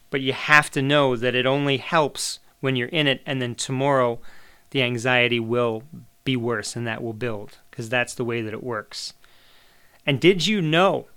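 A man's voice: mid-range voice, pushed and bright, smooth. A middle-aged man hosting a podcast, talking in a chatty, opinionated monologue and swearing casually. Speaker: podcast host.

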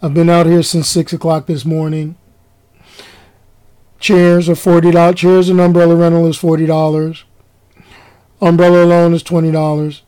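A man voicing a bored male beach chair attendant who drones every word in a flat, weary monotone. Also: fairly high pitch, clear, resonant tone, natural voice.

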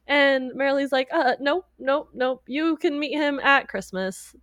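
A woman with a fairly high voice chats casually, retelling a movie and slipping into quoted lines of its characters. Her sound is dry and close, with no room around it. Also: measured pace, dry recording. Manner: animated retelling with quoted voices, frequent laughs. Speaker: podcast co-host. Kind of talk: casual chat recapping a movie.

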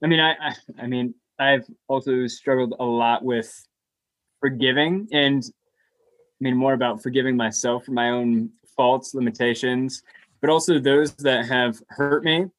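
A man co-hosting a casual podcast chat, candid and a bit halting as he searches for words. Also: mid-range voice, steady tone, fairly bright tone, no room sound. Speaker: podcast co-host.

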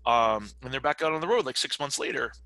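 A man's voice: mid-range voice, expressive, quick pace, sharp tone, dry recording, rough recording. A middle-aged man talking as a podcast guest in a chatty, rambling way, with lots of fillers and restarts. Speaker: podcast guest, writer and game developer. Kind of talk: casual interview chat.

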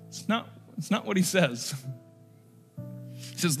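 A man preaching a sermon as pastor, conversational and animated, with casual fillers and rising emphasis. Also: high voice, slow pace, long pauses, breathy edge, faint music behind. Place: church sanctuary stage. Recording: long hall reverb.

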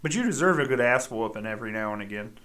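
A man's voice: medium pitch, lively intonation, fast talker, a bit bright. Male podcast co-host, casual profane storyteller, voice swings a lot.

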